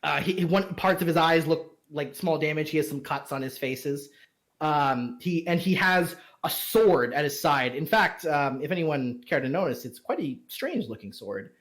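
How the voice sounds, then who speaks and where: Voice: mid-range voice, expressive, normal speed. A game master describes a tavern scene for the players. The talk is loose and rambling, full of fillers and restarts. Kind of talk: narrating a tabletop game.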